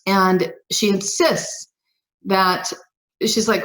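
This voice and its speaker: A woman guest on a podcast, telling her own story in an emphatic, animated way and acting out the dialogue. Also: mid-range voice, takes it slowly, low-quality recording. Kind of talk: personal storytelling.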